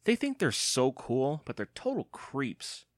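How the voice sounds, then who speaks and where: Guy doing a high squeaky tough kid girl, blunt and scornful, storybook voice. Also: wildly swooping pitch, unhurried, no echo, clean studio sound. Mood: disgusted. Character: feisty tough young girl.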